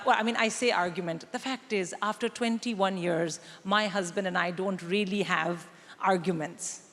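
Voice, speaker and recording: Dry, punchy stand-up woman in a hall. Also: mid-range voice. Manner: dry, punchy storytelling to a crowd. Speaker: stand-up comedian. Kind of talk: stand-up comedy set. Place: large theatre stage. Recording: reverberant hall with audience noise.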